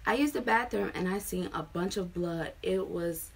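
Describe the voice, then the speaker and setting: Here the same sort of speaker, a Maryland vlogger in her twenties, sounds lowish and breathy with some vocal fry, moving at a moderate pace. Her retelling of a personal story is frank and chatty, packed with fillers.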